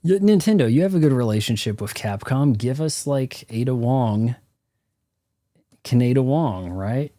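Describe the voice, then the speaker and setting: A streamer rants through his gameplay commentary, profane and opinionated. His voice is mellow and dark, and it sounds dry and close. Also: mid-range voice, unhurried, no echo. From United States.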